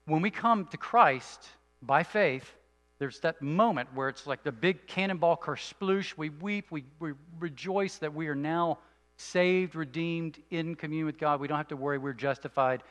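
A man preaching a sermon as a pastor, earnest, moving between emphatic and hushed delivery. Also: fairly high pitch, normal speed, long reverb tail.

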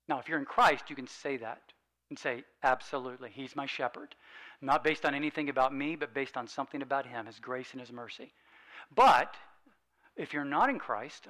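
Bright-voiced earnest male preacher. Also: mid-range voice, rough recording. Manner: earnest, emphatic, slows down for scripture, drops soft for key points. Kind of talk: sermon.

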